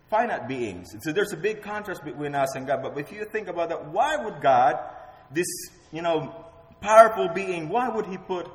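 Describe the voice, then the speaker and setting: A man preaching a sermon as pastor, emphatic and repeating key words for effect. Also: fairly high pitch. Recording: roomy hall with long reverb.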